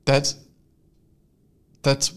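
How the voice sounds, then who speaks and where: A man's voice: very slow, a bit bright. Giggly young man rambling. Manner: giggly, rambling, trails off into mumbles. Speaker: podcast co-host. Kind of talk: casual comedic chat.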